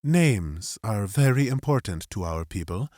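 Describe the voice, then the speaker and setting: A man voicing a tall male alien ambassador in an audiobook, speaking in a quiet, grave, soft and melodic way. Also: fairly low pitch, lively intonation, a little slow, no echo, clean studio sound.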